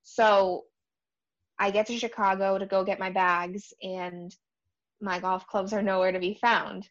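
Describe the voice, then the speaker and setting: A woman's voice: medium pitch, level tone, measured pace. A young adult woman from Rhode Island telling a story as a guest golfer, hesitant, with many "um"s. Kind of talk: casual storytelling. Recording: dull lo-fi sound.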